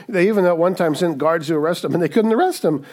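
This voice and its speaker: A man's voice: a little high, fast talker, darkish tone. Conversational man preaching a sermon. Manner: conversational, emphatic, with frequent "right?" asides. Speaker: pastor.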